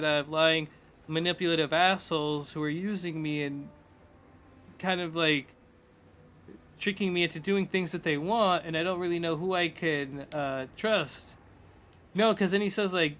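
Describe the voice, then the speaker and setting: Bright-voiced man rambling through a story. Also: on the high side. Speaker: streamer. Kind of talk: casual chat retelling a game plot.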